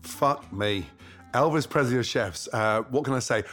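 A middle-aged Scottish man, a chef and guest, telling stories in a brash, swearing, animated way. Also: mid-range voice, moderate pace, faint music behind. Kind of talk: casual interview.

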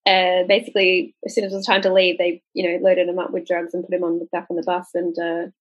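A young adult woman telling a long story in casual chat, animated and acting out the people she quotes. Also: fast, dull audio. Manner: animated, acts out quoted people with pitch jumps. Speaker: podcast co-host telling a story.

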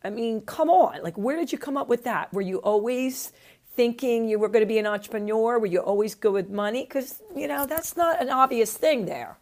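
A woman hosting an interview, eagerly jumping in with questions and quick reactions. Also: a little high, expressive, darkish tone. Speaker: host. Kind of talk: casual interview chat.

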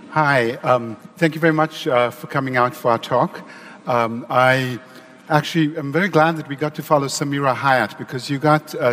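A man's voice: mid-range voice, fairly bright tone, long reverb tail. A man giving a conference talk to a live audience, explaining his points conversationally as a panelist.

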